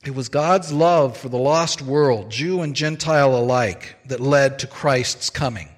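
Slow, emphatic preacher in a reverberant hall. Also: male voice, mid-range voice. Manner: measured, emphatic preaching with slow stressed phrases. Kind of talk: sermon.

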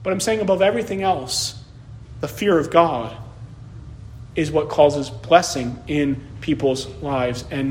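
A man preaching a sermon as pastor, repeating key phrases as his delivery builds in intensity. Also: a little high.

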